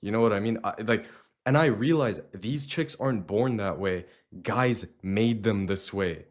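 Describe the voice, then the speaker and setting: Casting: man with a lowish voice, casual storyteller, blunt, crude slang, dismissive. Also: unhurried.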